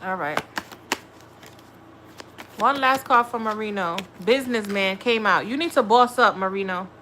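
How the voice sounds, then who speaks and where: A woman's voice: medium pitch, a little slow, background noise. A woman giving a blunt, profane, scolding tarot reading on a live stream. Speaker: tarot reader.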